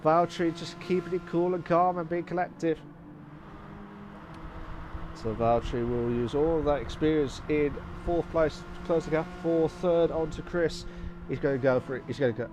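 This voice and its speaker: A man commenting live on a sim race, excitable and repeating phrases, breaking into shouts. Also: on the high side, normal speed, slight background noise.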